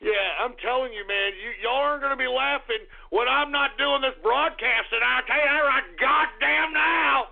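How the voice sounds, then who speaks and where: A man hosting a radio show, ranting angrily, swearing and swinging between low grumbling and shouting. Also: moderate pace, gravelly, hardly any pauses, a little hiss or hum. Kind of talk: ranting call-in radio talk. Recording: tinny phone-like radio recording.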